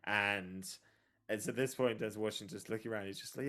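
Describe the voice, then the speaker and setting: Young guy cohosting a podcast, lowish voice, animated storyteller, acts out the quotes. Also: quick pace. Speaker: podcast co-host. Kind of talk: casual chat.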